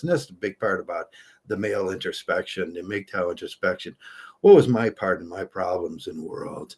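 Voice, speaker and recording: A man talking through a rambling opinion monologue to camera, halting with many restarts. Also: low voice, lively intonation, darkish tone, husky. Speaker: vlogger.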